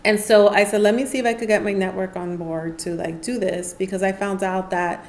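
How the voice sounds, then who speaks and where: A woman's voice: medium pitch, fairly quick, slight background noise. A woman, a guest on a podcast, telling stories in a casual chat and acting out the voices of people she quotes. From New York City. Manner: animated storyteller, acts out quoted voices. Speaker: podcast guest, nonprofit founder. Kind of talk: casual interview storytelling.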